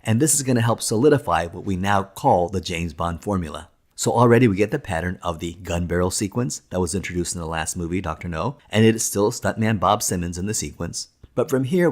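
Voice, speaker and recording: A man narrating a film documentary in a steady, enthusiastic storytelling manner. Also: lowish voice. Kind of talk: scripted narration.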